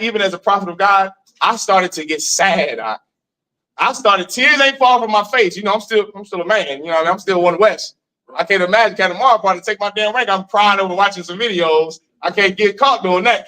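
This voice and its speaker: A man giving an animated lecture to a live class, often questioning his listeners. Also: sits high. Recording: voice from far off.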